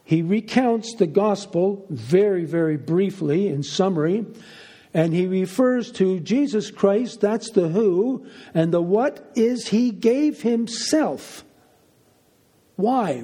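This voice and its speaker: Man, Bible teacher, high-pitched, emphatic, rhetorical questions, repeats phrases. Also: lively intonation, slow, warm tone, husky.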